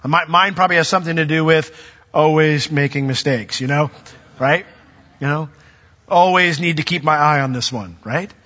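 A man preaching a sermon as pastor, chatting with the congregation in asides and building to loud, emphatic peaks when he reads scripture. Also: fairly high pitch, normal speed, long reverb tail, highs cut off.

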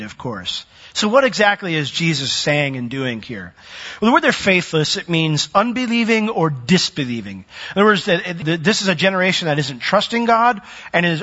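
Male pastor, bright higher voice, emphatic sermon delivery with dramatic drops; muffled recording. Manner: swings from loud emphatic peaks to soft low asides.

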